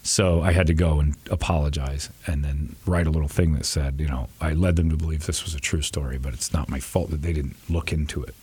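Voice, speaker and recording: A man's voice: very deep voice, fairly even intonation, brisk, hardly any pauses, darkish tone, breathy edge. A middle-aged man, a radio host, telling rambling, profane, self-deprecating stories in casual chat.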